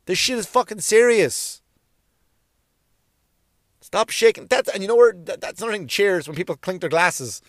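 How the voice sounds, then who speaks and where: A man's voice: high voice, lively intonation, fairly bright tone, no echo, studio quality. Swearing man ranting. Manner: swears constantly, mimics people in quick bits. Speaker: comedian. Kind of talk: profane comic rant.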